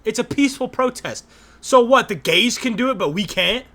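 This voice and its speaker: Bright, gravelly young man mocking loudly. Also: very high-pitched, animated, normal speed. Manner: crude, mocking, laughs often, talks over clips. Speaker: streamer reacting to a debate. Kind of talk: profane reaction commentary.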